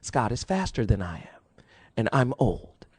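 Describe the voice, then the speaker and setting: A man's voice: mid-range voice, a little slow, slightly rough, dry recording. A man in his forties hosting a radio talk show, telling a story with lots of laughter. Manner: animated storyteller, laughs often.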